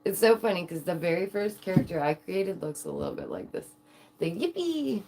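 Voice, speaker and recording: A woman streamer chatting casually to her viewers, giggling often and talking in an animated way. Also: lowish voice, fast. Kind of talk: casual livestream chat.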